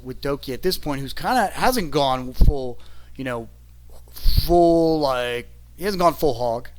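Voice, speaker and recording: Rambling man reviewing wrestling, slightly high voice. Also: a bit bright. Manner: rambling, keeps adding "okay?". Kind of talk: casual rambling commentary.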